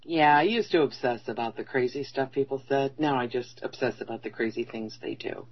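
A man's voice: medium pitch, brisk, husky, lo-fi sound. A man co-hosting a talk show, chiming in with wry quips and agreement. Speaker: podcast co-host. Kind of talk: casual opinion talk.

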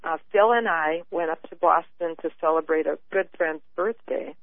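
A woman caller tells her story over a tinny phone line, her voice squeezed thin and narrow. She talks earnestly in halting bursts, often restarting her sentences, and the sound is dry with no room around it. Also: deep voice, creaky, no room sound. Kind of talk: call-in radio chat.

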